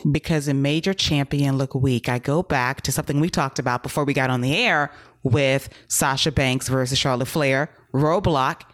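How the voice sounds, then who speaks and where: A man co-hosting a casual wrestling talk show. He sounds direct and critical, in a steady way. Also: medium pitch, moderate pace. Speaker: wrestling podcast co-host. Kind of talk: casual commentary chat.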